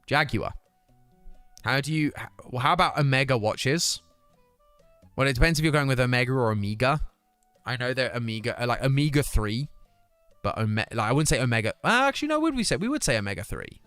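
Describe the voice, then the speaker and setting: A man's voice: medium pitch, brisk, a bit bright, dry recording. Brit guy streaming, just chatting and answering chat, dry close sound, bit of music under it. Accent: British. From United Kingdom. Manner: chatty, reads out chat comments and answers them. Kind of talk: casual live-stream chat.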